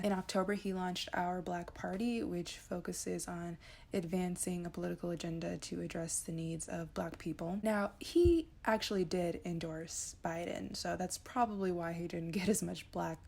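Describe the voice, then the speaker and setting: A woman's voice: fairly low pitch, unhurried, vocal fry, a little mellow. A woman vlogger delivering a casual political rant in a blunt, profane and sarcastic way.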